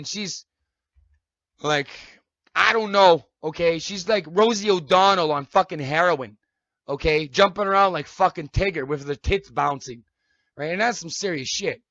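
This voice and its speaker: On a live stream, a man rants angrily and profanely, swearing, accusing people, and asking "okay?" over and over in a heated tone. His voice is high and fairly bright at a moderate pace, with no room sound. The audio is dull and lo-fi.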